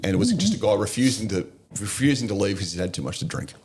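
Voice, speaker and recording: A man's voice: fairly low pitch, very animated, quick pace, darkish tone, slight background noise. A middle-aged Australian man, a service veteran, telling war stories in a casual interview, blunt and sweary, often breaking into laughs. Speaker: podcast guest, army, navy and police veteran.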